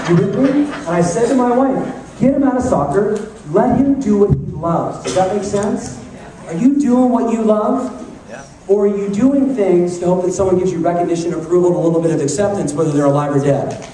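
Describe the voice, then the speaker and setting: A man giving an energetic motivational talk to a live audience, joking and firing questions at the crowd. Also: high voice, slight background noise. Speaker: motivational speaker. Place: large conference hall. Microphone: handheld camcorder in the audience. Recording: echoey hall taped from far off on a camcorder.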